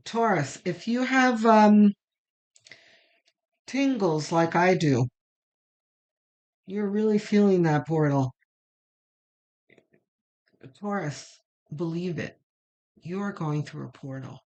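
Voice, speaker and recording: A woman's voice: on the low side, takes it slowly, pauses often, a little mellow. A middle-aged woman giving a casual, meandering tarot reading, chatty and full of fillers. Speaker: tarot reader.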